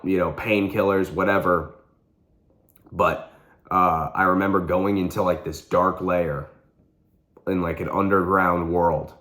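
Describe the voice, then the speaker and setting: A man's voice: sits low, fairly bright tone. A young man vlogging, telling a personal story with earnest intensity and repeating phrases for emphasis.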